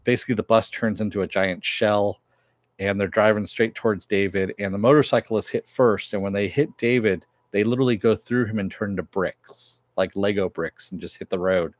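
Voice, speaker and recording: A man's voice: lowish voice, normal speed, dry recording. A man casually recapping and reviewing a TV episode, rambling with many fillers as he retells the plot.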